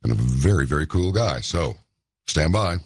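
Very deep-voiced male radio host. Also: animated, moderate pace, creaky, darkish tone, breathy edge, dry recording, clean studio sound. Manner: folksy, chatty, interjects with brief affirmations. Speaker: radio talk show host. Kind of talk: late-night radio interview.

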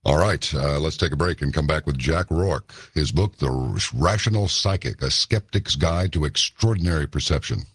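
Radio host, man with an extremely low, husky voice, folksy and chatty, close dry mic. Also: normal speed, hardly any pauses, dry recording. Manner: folksy, chatty, interjects with brief affirmations. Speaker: radio talk show host. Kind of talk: late-night radio interview.

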